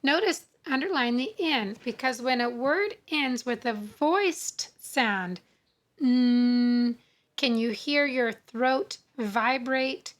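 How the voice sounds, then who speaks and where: A woman teaching English spelling, sounding out words slowly and repeating each rule. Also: sits high, expressive, a bit bright. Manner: slow, deliberate, sounding out words and repeating rules. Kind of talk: phonics lesson.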